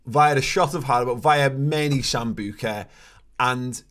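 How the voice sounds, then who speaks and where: A man's voice: medium pitch, unhurried, fairly bright tone. Swearing man in his thirties. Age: 30s. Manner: ranting, swearing, many restarts. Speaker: podcast co-host. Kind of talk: casual chat.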